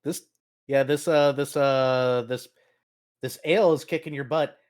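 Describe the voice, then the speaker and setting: A man's voice: medium pitch, fairly even intonation, a little slow, darkish tone. Man running a tabletop game. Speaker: game master.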